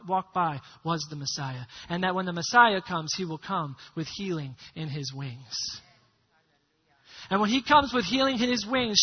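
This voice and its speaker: A man with a high, husky voice delivers a sermon, dropping to a hush and then rising loud as he tells a story. The recording sounds dull and lo-fi. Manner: dramatic storytelling, swings from hushed to loud. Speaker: pastor.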